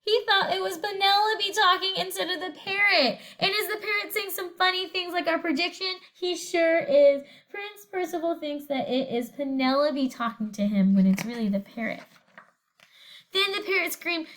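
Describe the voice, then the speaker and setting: High-voiced woman teacher reading aloud. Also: moderate pace. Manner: animated, expressive storytelling with questions to the class. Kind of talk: reading a picture book aloud to students.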